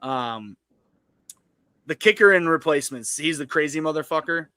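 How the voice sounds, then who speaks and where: A man co-hosting a live podcast, an animated storyteller who swears freely in casual chat. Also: on the high side, normal speed, no room sound, studio quality. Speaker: co-host.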